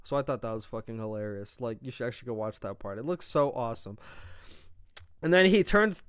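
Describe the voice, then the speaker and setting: A young man giving a casual, profane, excited recap of a wrestling show as its reviewer. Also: medium pitch, fairly quick, clean tone, no echo, clean studio sound.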